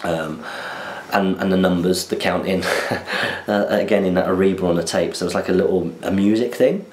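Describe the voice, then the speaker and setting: A young man from southern England hosts a podcast, chatting in a rambling, self-deprecating way. His voice is low and steady at a moderate pace, and the room sounds echoey.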